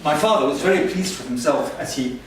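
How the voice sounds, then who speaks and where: A man's voice: on the high side, lively intonation, fairly quick, very noisy, close to an everyday voice. A man playing a pompous, boastful male language professor in a stage comedy sketch, heard from far off in an echoey hall. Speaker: comic stage performer.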